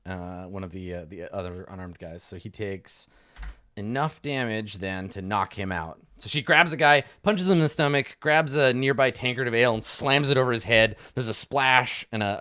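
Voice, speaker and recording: A man's voice: lowish voice, sharp tone, no echo. A man running a tabletop game as dungeon master, narrating the action vividly with many fillers.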